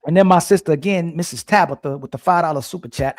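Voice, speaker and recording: A man's voice: a little high, quick pace, vocal fry. A man hosting a casual livestream panel, reading super chats aloud in a slangy, playful, teasing way.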